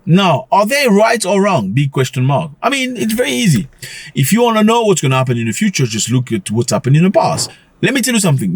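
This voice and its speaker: A man hosting a casual commentary vlog, talking in an animated way, full of rhetorical questions and quick chuckles. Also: high-pitched, slightly rough, no echo. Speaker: commentary channel host.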